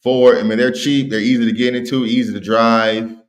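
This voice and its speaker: A man's voice: medium pitch, level tone, a little fast. A man hosting a casual livestream, talking in slang and reading viewer comments aloud. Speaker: livestream host.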